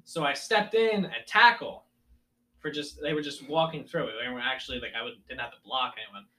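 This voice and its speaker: Bright-voiced young man telling stories. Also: medium pitch, a little fast. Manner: animated storyteller, acts out coaches yelling. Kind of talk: casual storytelling chat.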